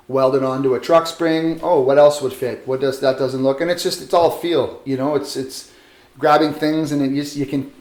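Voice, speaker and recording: Male sculptor, middle pitch, easygoing and self-deprecating, echoey workshop. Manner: relaxed, rambling, self-deprecating. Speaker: metal sculptor. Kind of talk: casual interview. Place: metal workshop. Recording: roomy echo.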